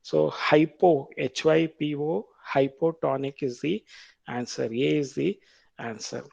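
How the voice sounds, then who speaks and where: A man with an Indian English accent lecturing on biology, reading quiz questions aloud, repeating them slowly and explaining the answers patiently. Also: on the high side, fairly even intonation, creaky, darkish tone, dry recording, highs cut off. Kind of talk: quiz-style classroom lecture.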